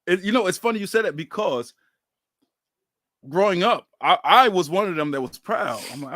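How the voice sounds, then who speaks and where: Male podcast host, thirties, slightly high, animated storyteller, dry close mic. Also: normal speed, dry recording. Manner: animated storyteller, acts out quoted voices. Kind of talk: casual chat.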